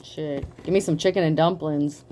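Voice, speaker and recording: A woman giving a casual tarot reading, talking in a profane, animated way and laughing often. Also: on the low side, moderate pace, a little hiss or hum. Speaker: tarot reader.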